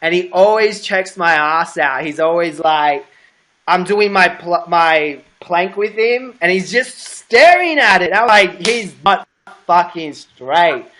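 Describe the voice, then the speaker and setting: A man's voice: high-pitched, a little slow, sharp tone. A young adult man hosting a casual livestream chat, gossipy and giggly with a camp manner. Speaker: host.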